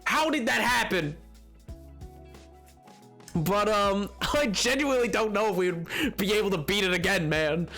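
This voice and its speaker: A man's voice: sits high, unhurried, pauses often, pushed and bright, soft background music. A young man streaming a game, chatting casually in a rambling, self-mocking way and laughing often. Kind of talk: casual gaming stream chat.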